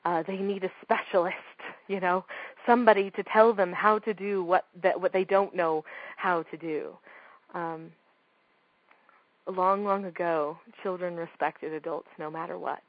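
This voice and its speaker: Husky-voiced woman asking rhetorical questions. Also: on the low side, steady tone, unhurried, no room sound, lo-fi sound. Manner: emphatic, fires rhetorical questions. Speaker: speaker on parenting. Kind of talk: talk to an audience.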